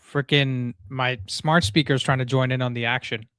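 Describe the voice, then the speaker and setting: A man's voice: mid-range voice, fairly even intonation, moderate pace, a bit bright, clean tone, dry recording, clean studio sound. A man hosting a live football watchalong, venting angrily in a ranting, stammering way and swearing at a player. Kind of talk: live match reaction. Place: home room.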